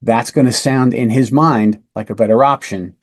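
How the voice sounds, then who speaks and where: A man's voice: mid-range voice, steady tone, moderate pace. A man, a police lieutenant hosting a podcast, telling a case story to teach an interview technique, conversational and emphatic. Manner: conversational, emphatic, asks "right?". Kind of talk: instructional storytelling.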